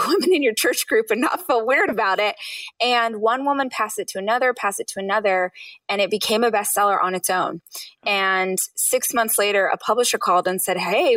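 A woman in her thirties, an author guest on an interview podcast, telling her story with lively acted-out quotes. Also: no room sound, distant mic. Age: 30s. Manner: animated, acts out quotes with high bursts.

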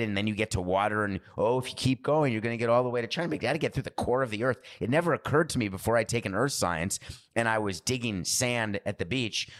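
A man's voice: lowish voice, fairly bright tone. A man hosting a sports talk show in a casual, rambling monologue, drifting into digressions and asking rhetorical questions. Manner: chatty, asks rhetorical questions. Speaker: sports podcast host.

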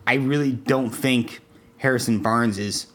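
Measured young man breaking down a deal. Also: medium pitch, steady tone, fairly bright tone. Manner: measured, analytical, with frequent ums and restarts. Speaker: podcast co-host. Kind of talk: casual sports podcast chat.

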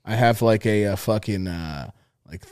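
A man's voice: on the low side, measured pace, a little mellow, clear, resonant tone, no room sound. A man co-hosting a comedy podcast, rambling through a bit with lots of fillers and swearing. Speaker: podcast co-host. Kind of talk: casual comedy chat.

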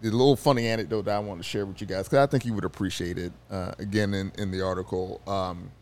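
Low-ish guy guest on a sports pod, telling stories, lots of ums. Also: fast talker. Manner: storytelling, animated, with restarts and fillers. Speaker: newspaper sports reporter, in-studio guest. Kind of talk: casual sports podcast chat. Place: studio.

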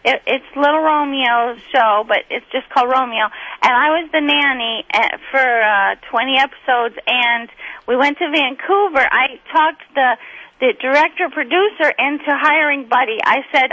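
A middle-aged woman, a guest comedian, telling rambling, excitable stories over a phone line. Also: high-pitched, moderate pace, no room sound. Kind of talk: chatty phone interview storytelling.

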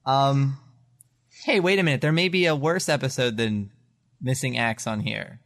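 A man's voice: medium pitch, moderate pace, fairly bright tone. Easygoing man hosting a podcast. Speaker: podcast host. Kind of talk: casual fan chat.

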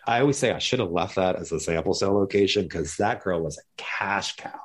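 A man with a low, fast voice and a breathy edge tells a story in casual conversation. He's a guest, and he animatedly acts out other people's lines in jumpy voices as he goes.

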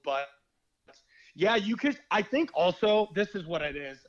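Heard with lo-fi sound, a young man with a high voice and big pitch swings talks a little slowly. He's a former reality show contestant guesting on a podcast, rambling candidly through stories with slang and the odd curse.

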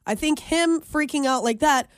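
A young woman co-hosting a radio show, telling a story in an animated way and laughing often. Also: high-pitched, moderate pace, dry recording, clean studio sound. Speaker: radio co-host. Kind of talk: casual radio chat.

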